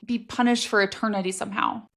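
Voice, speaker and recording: Speaking fast with a steady, creaky, fairly bright medium-pitched voice, a woman co-hosts a podcast and muses aloud about theories on a fantasy novel. Her casual discussion leans heavily on "like" as a filler.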